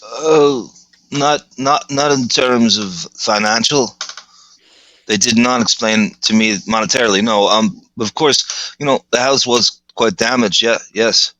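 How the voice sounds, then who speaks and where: A man voicing a middle-aged actor testifying in court, reading the part in a halting, hesitant way for a transcript reenactment. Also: medium pitch, steady tone, sharp tone, low-quality recording.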